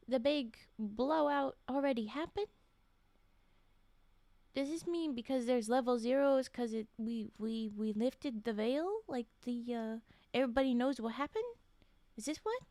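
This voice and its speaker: A woman's voice: fairly high pitch, a little slow, mellow, no echo. A woman streamer reading spooky stories aloud, often breaking off to chat, laugh and whisper asides. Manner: chatty, reads aloud and breaks off to react and answer chat. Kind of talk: casual live-stream story reading.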